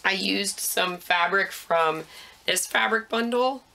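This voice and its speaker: A woman's voice: mid-range voice, slow pace, vocal fry, pushed and bright. A woman hosting a knitting podcast, chatting casually about her projects with frequent ums, a little out of breath.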